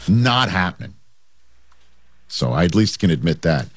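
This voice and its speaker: A man hosting a sports talk radio show, easygoing and quick to laugh at himself. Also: low-pitched, big pitch swings, slightly rough, dry recording.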